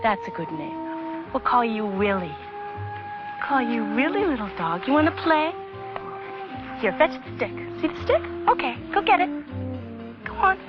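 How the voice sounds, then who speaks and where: A woman's voice: on the high side, very animated, measured pace, long pauses. An actress playing a sweet young blind woman who coos sing-song baby talk at a pet, from dull lo-fi film audio with music behind. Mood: cooing, playful. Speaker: film character.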